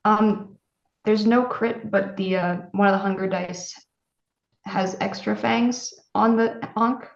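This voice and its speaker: A woman's voice: medium pitch, fairly even intonation, takes it slowly, gravelly, roomy sound, highs cut off. A woman playing a tabletop game over a video call, hesitantly reading out her dice results. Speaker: player.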